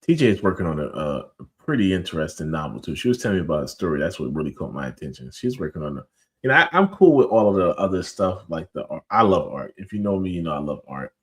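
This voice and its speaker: A podcast host with a very low, deep voice tells a story in a loose, slangy way. He fills his talk with "like" and "you know" and keeps it animated. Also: quick pace. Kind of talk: casual storytelling chat.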